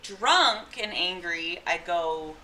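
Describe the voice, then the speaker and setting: A woman's voice: fairly low pitch, expressive, slow pace, crowd noise. A woman co-hosting a casual podcast, reacting bluntly and swearing often. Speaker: podcast co-host. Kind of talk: casual chat.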